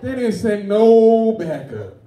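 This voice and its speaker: A man's voice: sits high, big pitch swings, slow pace, dark tone, roomy sound, distant mic. A man doing a brash, profane stand-up comedy set, telling stories. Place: comedy club stage.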